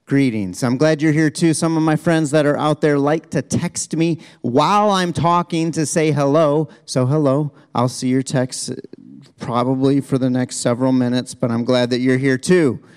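A man preaching a sermon as pastor in a church, talking casually and self-deprecatingly with many restarts, shifting pace and loudness for emphasis. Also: mid-range voice, fairly even intonation, moderate pace, smooth. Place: church sanctuary, also streamed.

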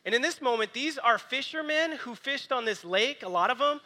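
Pastor, male, 30s, high bright voice, animated sermon delivery. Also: moderate pace.

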